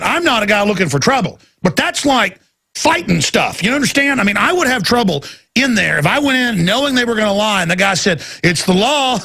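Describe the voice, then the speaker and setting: A man hosting a call-in radio talk show, ranting fiercely and breaking into shouts. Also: sits high. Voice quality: gravelly, husky. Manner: fiery, ranting, bursts into shouting.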